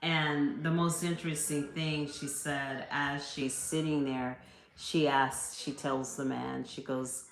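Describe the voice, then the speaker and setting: Very deep-voiced, slow, halting woman. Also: level tone, echoey room, slight background noise. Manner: hesitant, many fillers and restarts; heartfelt, earnest. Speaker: tarot card reader. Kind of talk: reflective storytelling to viewers.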